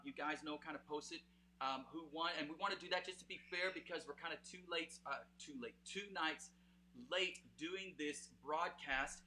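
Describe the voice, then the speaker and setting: A man with a Canadian accent chats through a live music broadcast, his voice bright and a little high. His talk is loose and rambling, full of fillers, and aimed straight at his viewers. A faint hiss sits under the sound. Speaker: host of a live music show. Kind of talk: casual live-stream chat.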